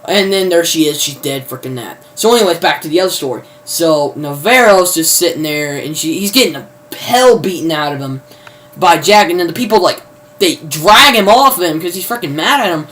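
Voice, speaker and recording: A man's voice: a little high, lively intonation, normal speed, a bit bright. A man giving a casual, rambling plot recap, full of fillers and mild cursing. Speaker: video reviewer.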